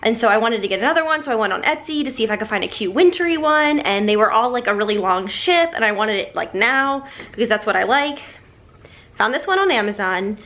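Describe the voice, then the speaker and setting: A woman's voice: fairly high pitch, animated, a little fast, a bit bright. A young woman chatting casually and rambling to her camera at home. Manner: rambling, chatty, self-deprecating. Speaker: vlogger. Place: living room at home.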